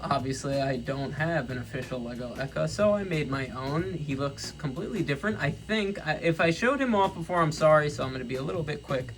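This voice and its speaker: A young man with a New York accent talks through his toy collection in a casual vlog. His voice sits a bit high and carries a gravelly fry, and he rambles with excitement, stopping to correct himself. Faint music plays underneath. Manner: enthusiastic, rambling, self-correcting. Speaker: toy reviewer.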